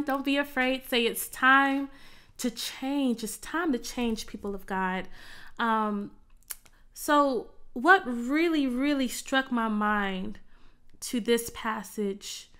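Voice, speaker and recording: A woman's voice: a little high, fairly bright tone, clear, resonant tone. A woman minister leading a virtual church service, praying fervently with murmured interjections and then talking casually to online viewers. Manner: chatty, coaxing viewers to type in the chat. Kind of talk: prayer and sermon on a virtual service.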